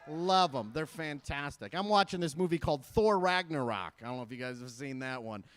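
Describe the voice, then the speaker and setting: A man's voice: on the high side, expressive, brisk, clean tone, no room sound. A man in his thirties from Michigan doing a stand-up comedy set, self-deprecating and chatty with the audience. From Michigan, USA. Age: 30s. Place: live event stage at a school fundraiser.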